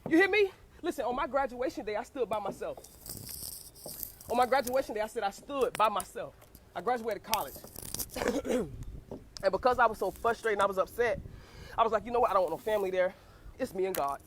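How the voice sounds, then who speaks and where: A woman's voice: medium pitch, expressive, a little fast, long pauses, noisy background. A young woman giving a fervent preaching testimony, repeating phrases and calling out to her listeners again and again. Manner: fervent, repeats phrases and calls "you hear what I say?" to listeners. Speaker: speaker giving a personal testimony.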